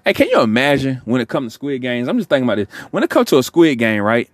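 A man hosting a podcast, rambling in relaxed slangy talk as he signs off. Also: mid-range voice, fast talker, no room sound, studio quality. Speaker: podcast host. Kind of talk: casual podcast sign-off.

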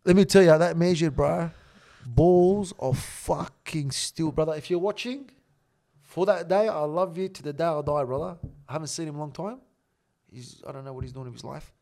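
A man telling a story in a casual interview, animated and full of slang and swearing. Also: fairly high pitch, normal speed, vocal fry. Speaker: guest.

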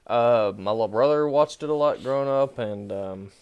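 A man's voice: mid-range voice, moderate pace, a little mellow, clear, resonant tone, dull audio. A man co-hosting a casual podcast, reading viewer comments and talking hesitantly with many restarts. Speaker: podcast co-host.

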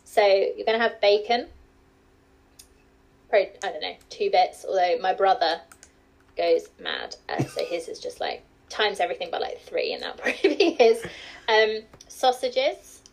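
A woman's voice: mid-range voice, lively intonation, moderate pace, vocal fry, rough recording. A woman with an English accent, a guest on a podcast, chatting casually, laughing often and trailing off with fillers. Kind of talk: casual chat.

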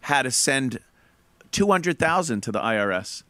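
A man's voice: mid-range voice, moderate pace, dry recording. A man co-hosting a podcast, chatting casually with profane, laughing rants. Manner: profane, laughing, animated ranting. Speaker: podcast co-host. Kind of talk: casual chat.

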